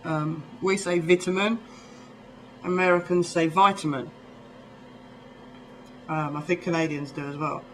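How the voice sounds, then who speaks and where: A man's voice: a little high, fairly even intonation, a little fast, hardly any pauses, slight background noise, low-quality recording. Chatty young man with a southern English accent. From England, near London. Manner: rambling, chatty, full of ums and little laughs. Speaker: vlogger. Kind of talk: casual chat to camera.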